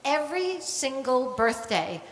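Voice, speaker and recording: An older woman, a grandmother, telling a true story on stage at a live storytelling night, animated and acting out the voices of the people in it. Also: high voice, measured pace. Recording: echoey hall with long reverb, faint ambience.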